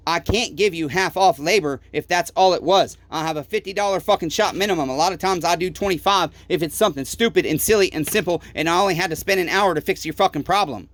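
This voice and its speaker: Speaking fast with hardly any pauses, this fed-up repair shop owner vents to the camera from his workshop, cursing nonstop. His voice is high and a bit bright, and he sounds worn out and angry.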